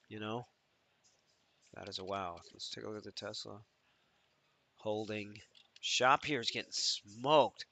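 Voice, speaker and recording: A man's voice: lowish voice, steady tone, slow, vocal fry, long pauses, bright, forceful tone, dry recording. A man hosting a live trading stream, thinking aloud and swearing as he mutters to himself.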